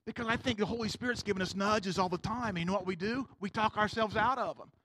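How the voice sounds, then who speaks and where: A man preaching with a very high, bright and forceful voice. His delivery is loose and slangy, full of asides, and he keeps turning to the congregation for agreement. The sound is close and dry. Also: quick pace, no room sound. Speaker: pastor. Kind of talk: sermon. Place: church room with a congregation.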